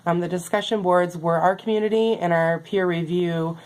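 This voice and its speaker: A young adult woman student giving a recorded class reflection, earnest and halting with many pauses, losing her voice. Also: lowish voice, fairly even intonation, darkish tone.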